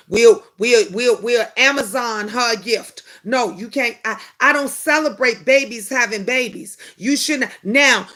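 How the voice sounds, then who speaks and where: A middle-aged woman hosting a casual live chat, answering viewer comments and telling animated family stories. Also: on the high side. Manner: animated storytelling, acting out family quotes. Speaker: host of a live chat show.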